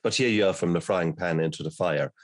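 Very deep-voiced man hosting. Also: fairly quick, dry recording. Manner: gentle, probing questions. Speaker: podcast host. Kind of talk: interview.

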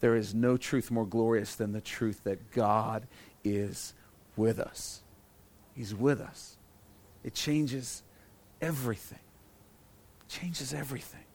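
A man's voice: medium pitch, slow, pauses often, darkish tone. A man preaching a sermon as pastor, earnest and repeating key phrases for emphasis.

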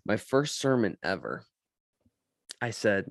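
A man with a gravelly, creaky voice talks casually on a podcast, his pitch swinging widely as he tells stories. He is an animated storyteller who laughs often. The sound is dry and close to the mic. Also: takes it slowly, dry recording. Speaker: podcast co-host, pastor. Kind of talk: casual chat.

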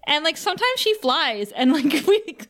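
A woman with a slightly high voice chats about a TV episode with a co-host. She giggles often and peppers her talk with "like", loose and casual. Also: normal speed. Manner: giggly, animated, many "like" fillers. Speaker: podcast co-host. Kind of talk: casual recap chat.

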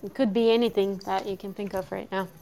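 A woman's voice: mid-range voice, fairly even intonation, quick pace, warm tone. A woman hosting a casual chat, asking questions and laughing easily.

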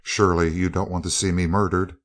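A man's voice: little pitch movement, a little fast. A man doing a snarling, cowardly thug. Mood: frightened, shrill. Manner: growling, snarling and shrill. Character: surly, cowardly male thug. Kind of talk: audiobook character voice.

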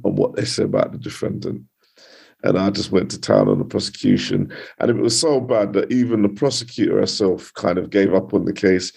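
A British criminal barrister telling a story in a relaxed podcast interview, lively, with many restarts and asides. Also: male voice, on the low side, gravelly, breathy edge. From United Kingdom.

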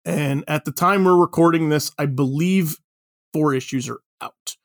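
A man's voice: on the high side, moderate pace, no room sound, studio quality. A man co-hosting a podcast, talking casually and rambling, with many fillers and restarts. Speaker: podcast co-host. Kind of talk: casual chat.

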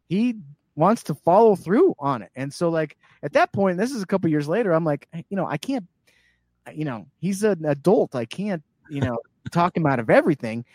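A man telling a story in casual chat as a guest, animated and acting out the voices of the people in it. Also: a little high, no echo, clean studio sound. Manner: animated, acts out quoted voices.

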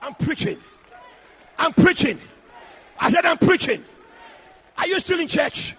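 A man preaching a fiery sermon, shouting repeated lines with call-and-response cries. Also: very high-pitched, expressive, a little slow.

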